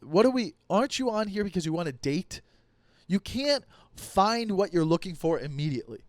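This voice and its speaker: A young man hosting a comedy podcast, ranting profanely about dating apps and acting out quick quoted voices. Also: high voice, a little mellow, dry recording, studio quality. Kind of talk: solo comedic podcast rant.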